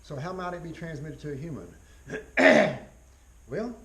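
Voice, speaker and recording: A man giving a college biology lecture in a folksy way, repeating key phrases, spelling out terms slowly and often clearing his throat. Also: fairly high pitch, very animated, fairly bright tone, slight background noise, poor audio.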